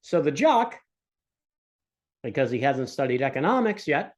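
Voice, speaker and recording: A man's voice: mid-range voice, big pitch swings, measured pace, long pauses. A man teaching economics in a recorded lecture, explaining with a casual, joking storytelling manner. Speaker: economics instructor.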